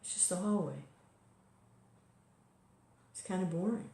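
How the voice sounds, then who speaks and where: In an echoey room, a woman with a fairly low, warm and gravelly voice offers an unhurried, informal devotional talk. She keeps it conversational, often saying "you know" and restarting her sentences.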